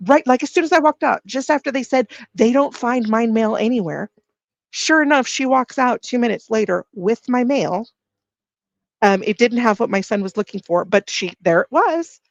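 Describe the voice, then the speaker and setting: Animated storytelling woman, dry close sound. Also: medium pitch, fairly quick, gravelly, no echo. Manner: animated, acts out quoted dialogue with repeated restarts. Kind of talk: casual storytelling on a livestream.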